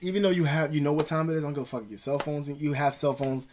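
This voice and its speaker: A man's voice: a little high, steady tone, rapid-fire, darkish tone, a little hiss or hum. A man vlogging casual advice, rambling in profane street slang with many fillers.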